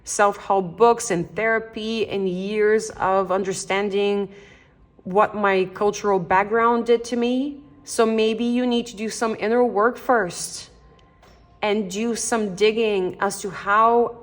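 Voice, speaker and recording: A young Canadian woman giving a casual tarot reading. She talks straight to the viewer in a gentle, encouraging way, thinking aloud and often restarting her sentences. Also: medium pitch, steady tone, takes it slowly. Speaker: tarot reader.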